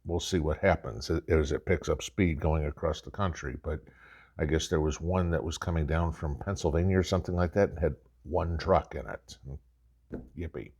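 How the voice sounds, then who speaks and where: A man's voice: very deep voice, steady tone, a little fast, a little mellow, breathy edge. A man hosting a prepping channel, talking casually and sarcastically, mocking officials in put-on quotes. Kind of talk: casual commentary monologue.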